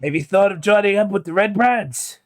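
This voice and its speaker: A man's voice: high voice, brisk, soft background music, lightly acted. A man doing a chummy gang recruiter. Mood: friendly. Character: friendly recruiting male thug, chatty and pushy.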